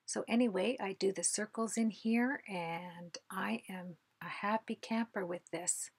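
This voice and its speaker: Chatty craft lady, half whispers a lot, raspy gravelly voice. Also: medium pitch, a little slow, dry recording. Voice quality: husky, creaky voice. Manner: chatty, often drops to a soft half-whisper. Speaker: craft video host. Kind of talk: casual craft tutorial narration.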